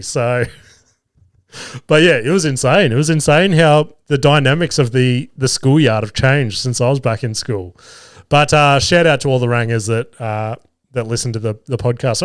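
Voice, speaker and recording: A man in his thirties with an Australian accent, hosting a podcast and telling everyday stories in a casual, animated way, swearing freely and laughing at himself. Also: medium pitch, no room sound, studio quality. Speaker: podcast host. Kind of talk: casual storytelling monologue.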